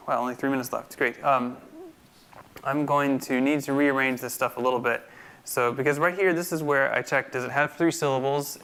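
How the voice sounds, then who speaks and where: Man, casual coding lesson, crisp, gravelly edge, thinking aloud. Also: medium pitch, sharp tone. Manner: thinks aloud, many fillers and restarts. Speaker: instructor live-coding. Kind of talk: casual screencast coding tutorial.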